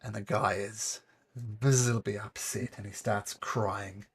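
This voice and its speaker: A man narrating a tabletop game as game master, in relaxed, descriptive narration. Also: on the low side, takes it slowly, slightly rough.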